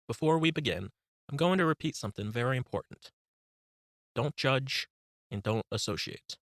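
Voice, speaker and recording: Male audiobook narrator, meditation guide, calm and instructive, bright voice, dry booth. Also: mid-range voice, no room sound. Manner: calm, instructive, slow cues.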